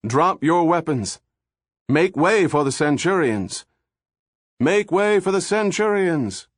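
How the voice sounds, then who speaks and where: A man's voice: a little high, lively intonation, slow pace, no room sound, clean studio sound, voice pushed up. A man voicing a charismatic male cult leader who speaks in a grand, preacherly way. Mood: intoning.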